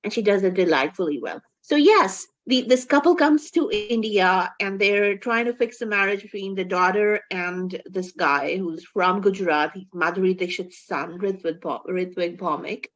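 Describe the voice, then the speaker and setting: A woman's voice: medium pitch, normal speed, hardly any pauses, muffled recording. A woman co-hosting a casual film review chat, talking emphatically and with exasperation, often stumbling and restarting her sentences.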